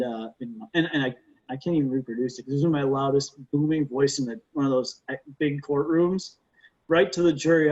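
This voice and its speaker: Husky-voiced lawyer telling stories. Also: male voice, a little high. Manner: animated storyteller, frequent restarts and stammered repeats. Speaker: defense lawyer, podcast guest. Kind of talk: casual interview storytelling. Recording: dull lo-fi sound.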